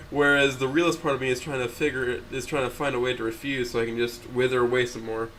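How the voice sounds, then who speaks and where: A man's voice: medium pitch, steady tone, brisk, hardly any pauses, a bit bright, a little hiss or hum. A young man streaming, reading a story aloud in first person with blunt, profane asides. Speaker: streamer reading a visual novel.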